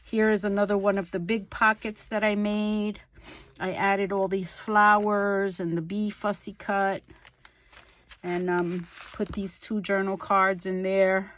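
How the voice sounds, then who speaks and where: A middle-aged woman hosting a craft video, calmly describing her journal page by page with frequent ums and small self-corrections. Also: mid-range voice, measured pace. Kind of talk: casual craft flip-through narration.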